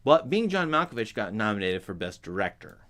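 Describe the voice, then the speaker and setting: A man's voice: fairly low pitch, big pitch swings, fairly quick, a bit bright. A man chatting casually to his viewers as a film commentator, rambling with restarts and asides.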